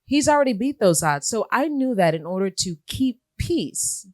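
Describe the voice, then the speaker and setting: A woman's voice: fairly high pitch, big pitch swings, normal speed, darkish tone, no echo. A reflective woman host, recorded dry. She leads a conversational interview, affirming and prompting her guest.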